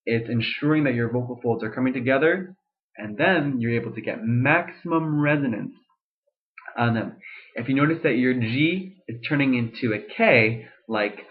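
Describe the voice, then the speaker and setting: A man's voice: medium pitch, moderate pace. A young man talks through a casual singing lesson in a mid-range voice, stumbling over restarts and fillers as he explains. Now and then he breaks into sung demonstrations. The sound is thin and tinny, like a cheap webcam mic. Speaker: voice teacher. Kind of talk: casual vocal lesson vlog.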